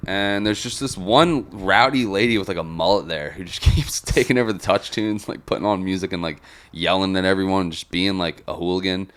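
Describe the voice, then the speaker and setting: Deep-voiced man telling a rowdy story. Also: a little fast, a bit bright. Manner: profane, rambling storyteller. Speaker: podcast host. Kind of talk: casual podcast chat.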